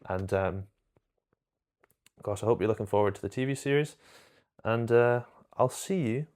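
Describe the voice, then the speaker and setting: A man's voice: fairly low pitch, moderate pace, a little mellow. A man chatting casually and enthusiastically to camera about films, rambling and correcting himself as he goes. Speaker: film reviewer.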